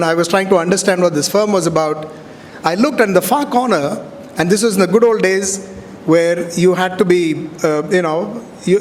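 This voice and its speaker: Animated man in a big hall. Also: sits high. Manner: animated storyteller, acts out dialogue. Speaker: convocation speaker. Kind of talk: storytelling speech. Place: large hall. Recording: hall reverb, faint background noise.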